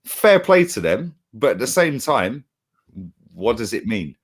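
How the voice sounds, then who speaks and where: Animated man ranting about football. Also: mid-range voice, unhurried, husky. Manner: animated, heated, swears, slangy. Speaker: football fan channel co-host. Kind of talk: casual football chat.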